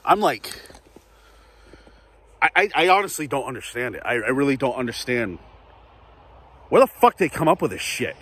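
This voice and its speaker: A man's voice: medium pitch, big pitch swings, normal speed, pauses often, a bit bright, breathy edge. A man ranting casually to camera in a vlog, profane, rambling and repetitive. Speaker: vlogger.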